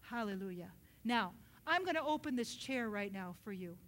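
A woman with a high voice preaching a sermon. She is earnest and animated, and at times she drops into a soft whisper as she prays. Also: normal speed.

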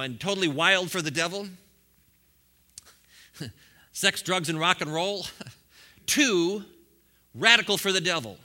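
Bright-voiced preaching man. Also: a little high. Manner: preaching with rising bursts and chuckles. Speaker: pastor. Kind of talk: sermon.

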